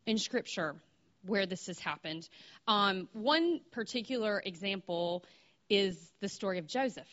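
A woman in her thirties speaks at a church gathering, delivering an informal sermon as a conversational story, restarting sentences and putting questions to her audience. Her mid-range voice is fairly bright, though the audio is dull.

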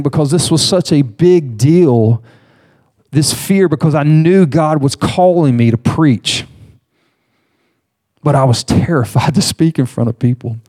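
A man preaching a sermon, telling a personal story in an animated way, with laughs and restarts. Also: medium pitch. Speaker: pastor.

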